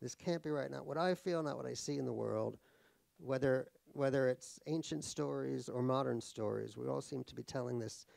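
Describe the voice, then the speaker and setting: A middle-aged American author from New York talks casually at a live event in a cultural center hall, self-mocking, wry and prone to restarts. His mid-range voice has vocal fry and is a little mellow, at normal speed with no echo.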